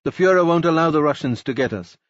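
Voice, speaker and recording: A man's voice: a little high, expressive, fast talker, no room sound, voice pushed up, natural voice. A man putting on a blunt older mother-in-law. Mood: wry. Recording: dull lo-fi dry recording.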